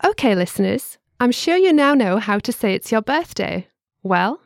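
A woman co-hosting a scripted language lesson, with a clear teacherly delivery that slows down to spell words out. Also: fairly high pitch, very animated, no echo, studio quality.

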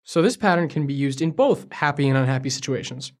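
A man's voice: medium pitch, expressive, fast. A man co-hosting a language lesson podcast, speaking as a curious learner who asks for examples, recorded in a studio. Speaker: co-host. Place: studio in Beijing.

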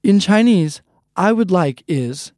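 A man's voice: high voice, lively intonation, takes it slowly, a little mellow, no echo. A man hosting a recorded language lesson, explaining phrases patiently and breaking them down step by step into a close microphone. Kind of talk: scripted lesson instruction.

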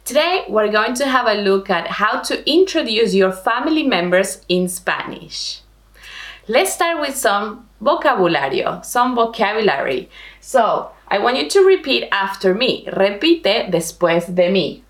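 Woman teacher for a language lesson: slow, clear drills, lively pitch, echoey room. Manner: slow, careful modeling of pronunciation. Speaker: Spanish teacher.

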